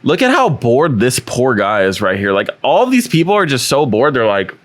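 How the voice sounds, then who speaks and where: A man's voice: medium pitch, wildly swooping pitch, normal speed. A young man hosting a reaction video, ranting sarcastically and crudely about car exhaust clips. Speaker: host reviewing subscriber car clips. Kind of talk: reaction commentary. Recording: loud car exhaust noise behind.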